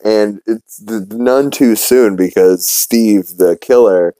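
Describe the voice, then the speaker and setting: A man hosting a podcast who rambles through a cartoon recap, swears freely and trips over his own restarts. His voice sits low and sounds warm and relaxed. The recording is dry and close to the mic. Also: takes it slowly, smooth, no room sound, low-quality recording. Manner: rambling, profane, full of fillers and restarts. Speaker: podcast host. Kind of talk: casual episode recap.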